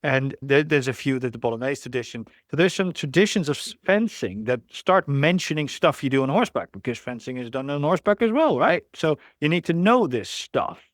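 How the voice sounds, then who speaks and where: A man's voice: medium pitch, lively intonation, fairly quick, few pauses, no room sound, clean studio sound. A man who is a guest on a podcast, explaining history in a thoughtful, rambling way with many restarts. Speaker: guest, historical riding expert. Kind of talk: conversational explanation.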